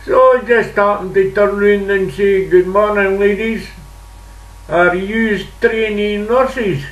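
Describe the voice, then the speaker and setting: Slow, chatty older Scottish man. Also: high voice, steady tone. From Scotland. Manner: rambling, chatty, with dialect words. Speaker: vlogger. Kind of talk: casual storytelling monologue. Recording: echoey room, distant mic.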